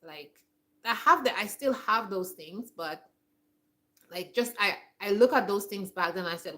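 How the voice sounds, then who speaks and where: A woman's voice: mid-range voice, expressive, measured pace, pushed and bright. A woman in her forties talking in a casual, reflective monologue, rambling and restarting her sentences often. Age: 40s. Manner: rambling, with many restarts and "like" fillers. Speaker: homestead vlogger.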